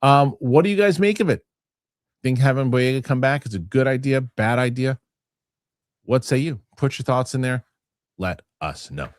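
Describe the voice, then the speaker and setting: A man hosting a casual movie news show, animated and jokey, reading headlines and adding his own takes. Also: mid-range voice, moderate pace, no echo, clean studio sound. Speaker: show host.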